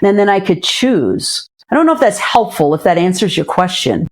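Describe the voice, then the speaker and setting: A woman's voice: medium pitch, sing-song, moderate pace. A middle-aged woman, a psychologist guest, speaking candidly and earnestly in a reflective interview, often restarting and repeating her phrases.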